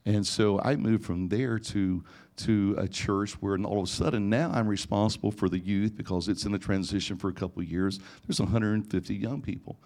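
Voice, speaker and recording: A middle-aged man, a pastor, telling a personal story in an animated sermon before a live audience, sometimes rising to near-shouting. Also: lowish voice, fairly quick. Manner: animated, rising to near-shouting in emotional parts, frequent restarts. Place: church or conference hall before a live audience.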